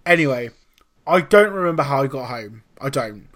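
A young man hosting a podcast, telling a story in casual chat, with lively swearing and acted-out quotes. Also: mid-range voice, moderate pace. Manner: animated, swearing, acts out quotes. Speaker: podcast host.

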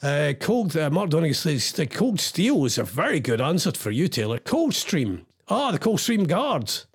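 Scottish male DJ, slightly high voice, lively pitch, playful and teasing, casual quiz chat. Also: moderate pace, slightly rough. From Scotland. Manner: playful and teasing, reads out comments. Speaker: radio DJ.

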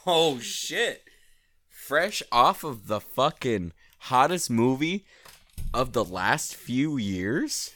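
A man bantering in a laid-back, profane way, his voice bright and bouncing all over its range. He takes his time with words and sounds dry and close to the mic. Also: mid-range voice, very animated, very slow, no echo. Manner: profane, laughing, playful teasing. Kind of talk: casual chat.

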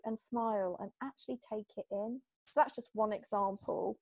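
A British woman talks as a guest on an interview podcast about her therapy work. She chats along easily, slipping into little acted-out quotes of clients. Her voice sits mid-pitch and sounds close and dry, with no room around it. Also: a little fast, hardly any pauses, no room sound. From Britain. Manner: chatty, animated, acts out little quoted exchanges. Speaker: hypnotherapist guest. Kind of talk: casual interview talk.

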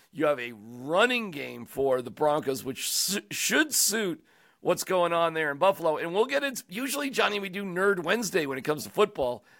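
A man hosting a sports talk show, chatting casually and joking around in an animated, rambling way. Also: on the high side, no room sound, studio quality. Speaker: sports radio host.

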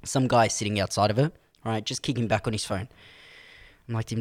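A man's voice: on the low side, a little fast, no room sound, clean studio sound. A young man, telling a story animatedly in a casual podcast chat. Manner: animated, dramatic retelling with quoted voices.

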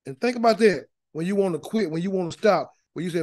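Male Bible teacher, high voice, dry close sound, folksy and emphatic, repeats himself. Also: expressive, fast talker, darkish tone, no echo. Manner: folksy, emphatic preaching with many repeated words. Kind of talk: informal Bible study teaching.

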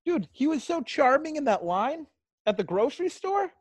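A man's voice: very high-pitched, sing-song, normal speed, dry recording. A man co-hosting a casual movie chat who jokes a lot and acts out quoted lines. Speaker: podcast co-host.

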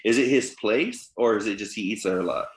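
A man's voice: lowish voice, fairly quick. A man co-hosting a podcast, chatting in a rambling, profane way with lots of fillers and restarts. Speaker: podcast co-host. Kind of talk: casual chat. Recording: roomy echo with faint noise.

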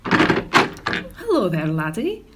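A woman's voice: mid-range voice, wildly swooping pitch, extremely slow, very noisy, heavily acted. A woman voicing an elderly, fussy, doting Scottish lady in a comedy audio drama, with a Scottish accent. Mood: chatty. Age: older.

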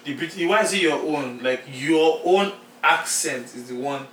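A young Nigerian man with a Nigerian accent, co-hosting a podcast in animated casual chat, often restarting his sentences. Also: a little high, measured pace. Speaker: podcast co-host. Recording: echoey room, a little far from the mic, faint noise.

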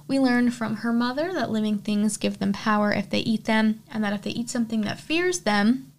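A woman's voice: on the high side, moderate pace. A woman hosting a horror podcast, casually retelling a film's plot in a chatty way with lots of fillers. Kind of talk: casual film recap.

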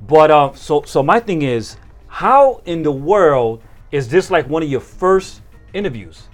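A man hosts a live-streamed interview with a lot of energy, slipping Spanish phrases into his English. His voice sits a little high, and faint music plays underneath. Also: expressive, a little slow. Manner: hype, drops Spanish phrases. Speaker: host.

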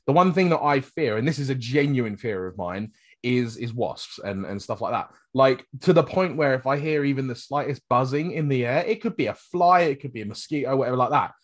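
A man's voice: medium pitch, expressive, fairly quick, no room sound, studio quality. A man, co-hosting a casual podcast, chatty and laughing often.

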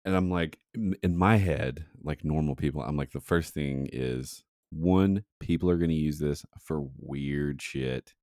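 Podcast co-host, man, extremely deep low voice, rambling easygoing talk, dry close mic. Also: measured pace, hardly any pauses, darkish tone, no echo. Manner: rambling, laid-back storytelling with many fillers. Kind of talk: casual chat.

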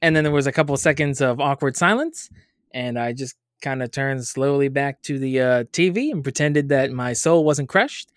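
A man cohosts a sports podcast and tells a story with a laugh never far away. His voice sits at an ordinary middle pitch and is recorded dry and close, with no room sound around it. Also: normal speed, no echo. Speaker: podcast co-host. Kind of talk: casual chat.

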